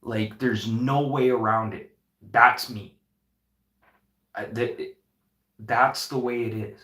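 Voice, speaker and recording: A man's voice: medium pitch, fairly even intonation, slow, pushed and bright, echoey room. A man who owns a restaurant, giving an earnest, impassioned and heavily profane talk to the camera. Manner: earnest, heavy swearing, impassioned. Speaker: restaurant owner. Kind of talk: unscripted motivational vlog talk.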